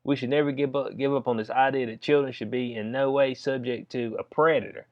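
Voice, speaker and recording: Southern guy vlogging, laid back rambly talk, middle pitch, kinda muffled home audio. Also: fairly even intonation, brisk. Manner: loose conversational, frequent "you know what I'm saying". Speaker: vlogger commenting on news. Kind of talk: casual commentary reading news aloud.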